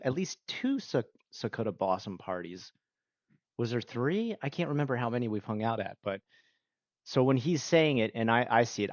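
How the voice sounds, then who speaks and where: A man's voice: medium pitch, no room sound, highs cut off. A man chatting casually with his stream viewers, rambling and laughing often. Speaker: livestreamer. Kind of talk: casual livestream chat with viewers.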